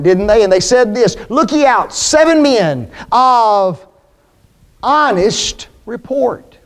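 High-voiced man preaching a sermon. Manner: preaching with rising emphasis and rhetorical questions.

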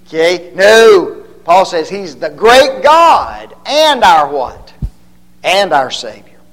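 A man's voice: a little high, fairly bright tone. A man teaching a Bible study, quizzing his listeners with rhetorical questions and a constant "okay?", and stretching key words for emphasis.

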